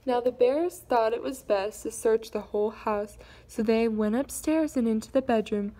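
A woman reading a children's fairy tale aloud in an expressive storytelling manner. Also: fairly high pitch, moderate pace.

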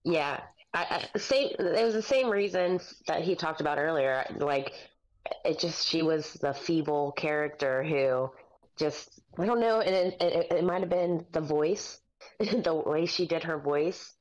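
A woman's voice: low-pitched, measured pace, rough recording. A woman joining a casual book chat, speaking hesitantly with fillers and little laughs. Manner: hesitant, giggly, many fillers.

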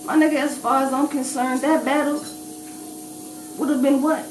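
Woman battle rapper, emphatic and profane; higher voice, distant mic, echo and background noise. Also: fairly even intonation, normal speed. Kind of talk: casual interview chat. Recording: echoey room, distant mic, noisy.

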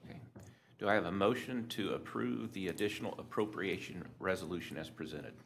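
A man's voice: low voice, a little fast, slight background noise. A man, the board president, chairing a school board meeting in formal procedural wording. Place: meeting room.

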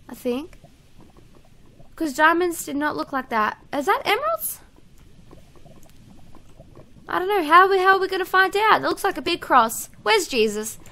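A woman giving casual let's-play commentary, excitable and chatty, talking to herself and her viewers as she plays. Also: extremely high pitch, gravelly, slight background noise. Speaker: gaming YouTuber.

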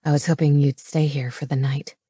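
A woman voicing a soft, low-voiced male lover. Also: little pitch movement, a little fast, breathy edge, no room sound, studio quality. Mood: hushed. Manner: low, hushed and soft-spoken. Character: tender, teasing adult man lover.

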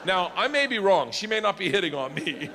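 A man doing stand-up storytelling, animated and shouting his punchlines, recorded live in a reverberant hall. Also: high-pitched, fairly quick. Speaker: stand-up comedian. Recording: live comedy hall reverb, faint noise.

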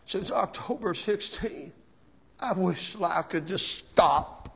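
Slow, high-voiced preaching man. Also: gravelly, slightly rough. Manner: slow, emotional preaching with rising shouts and repeated words. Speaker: pastor. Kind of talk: sermon. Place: church sanctuary.

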